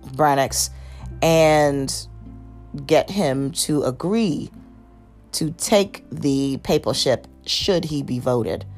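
A woman from the United States hosting a podcast, rambling casually through a TV review with many fillers and self-corrections. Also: low-pitched. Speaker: podcast host.

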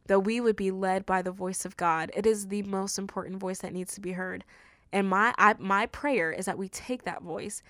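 A woman's voice: mid-range voice, a bit bright, dry recording. Earnest woman hosting a faith podcast. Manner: earnest and tender, often says "like"; emotional. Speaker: podcast host. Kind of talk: heartfelt faith podcast monologue.

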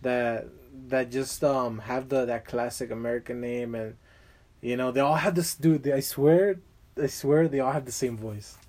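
A man's voice: mid-range voice, fairly even intonation, normal speed, darkish tone. A young man chatting casually as a guest, rambling with lots of fillers and slang. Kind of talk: casual chat.

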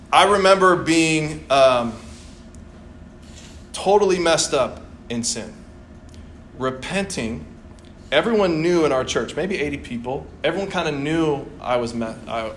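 A young man preaching a sermon in a church, animated and playful, acting out voices as he tells the story. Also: a little high, a little hiss or hum. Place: church hall. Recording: echoey church room, faint ambience.

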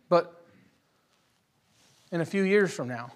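Impassioned high-voiced male preacher. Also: moderate pace. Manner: swings from quiet storytelling to loud impassioned preaching. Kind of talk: sermon. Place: church hall with live congregation.

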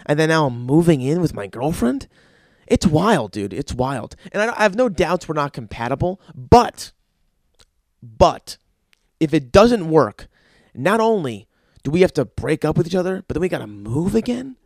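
A young man talks alone on his podcast in a loose, profane, rambling rant. His voice sits a little high and jumps up and down a lot as he gets worked up. The sound is dry and close, with no room echo. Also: sing-song, normal speed, creaky. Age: young adult. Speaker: podcast host. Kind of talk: crude solo podcast rant.

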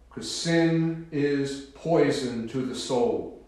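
A man preaching a sermon in a solemn, emphatic, deliberate manner, pausing to stress key words, in a church. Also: on the high side, darkish tone. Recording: very echoey room.

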